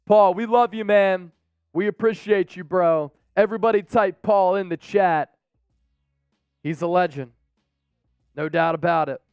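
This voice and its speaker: A man's voice: high-pitched, a little slow, long pauses, a little mellow, clean tone, no room sound, highs cut off, soft background music. A man hosting a live sports stream, reading out viewer names in a hyped, playful way and trash-talking rival fans. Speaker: sports show host.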